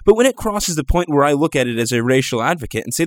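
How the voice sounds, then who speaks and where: A man's voice: a little high, big pitch swings, no room sound. Rambling man on a dry mic. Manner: rambling, halting, many fillers and restarts. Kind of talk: casual radio talk.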